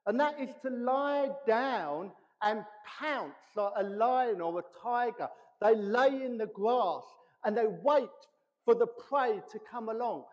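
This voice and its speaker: High-voiced pastor preaching. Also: male voice, slow pace. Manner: animated preaching, acting out quoted voices. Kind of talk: sermon. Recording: reverberant hall, dull lo-fi sound.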